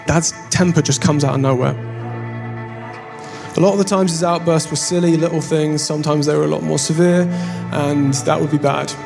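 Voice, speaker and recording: A man's voice: fairly high pitch, fairly even intonation, normal speed, creaky, music in the background. A young English man doing stand-up, telling a story on stage in a wry, self-deprecating way. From England. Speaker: stand-up comedian. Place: on stage before a live audience.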